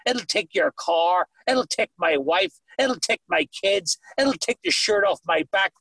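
A man's voice: high-pitched, expressive, measured pace, creaky, fairly bright tone, no echo, low-quality recording. A middle-aged man with a Northern Irish accent, giving earnest personal testimony with dry humor on a video call. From Northern Ireland. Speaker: recovery meeting speaker.

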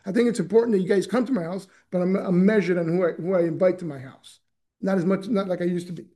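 A middle-aged man with a notably high voice tells his story at a recovery meeting. He rambles, repeats words and restarts his sentences as he goes. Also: quick pace, warm tone. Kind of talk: personal testimony.

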